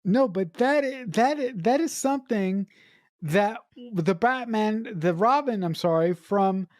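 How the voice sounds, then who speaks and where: A woman co-hosting a movie podcast, jumping in with disbelieving, emphatic comments and blunt swearing. Her pitch swings widely as she talks, and her voice sounds dry and close to the mic. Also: expressive, unhurried, darkish tone, no room sound. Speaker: podcast co-host. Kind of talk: casual movie-review chat.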